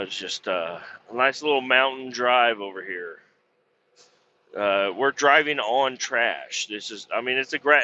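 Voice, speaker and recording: A man's voice: lowish voice, sharp tone, lo-fi sound, a little hiss or hum. A man driving a truck, telling rambling, profane stories in a casual vlog from inside the cab. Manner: profane, rambling storyteller with mimicked voices. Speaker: truck driver vlogger.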